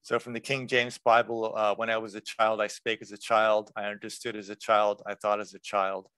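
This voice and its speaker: Man, workshop presenter, relaxed explaining, smooth resonant voice, dry close sound. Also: fairly low pitch, normal speed, no room sound. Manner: relaxed, explaining with examples and fillers. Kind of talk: conversational workshop lecture.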